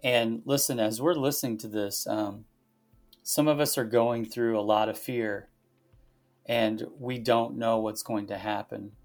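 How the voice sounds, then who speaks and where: A man with a gravelly, creaky voice shares a devotional reflection on a podcast. He speaks in a thoughtful, halting way and leans on fillers as he works through scripture. Faint music sits softly under his voice. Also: medium pitch, fairly even intonation. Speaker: pastor and podcast host. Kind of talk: conversational devotional podcast talk.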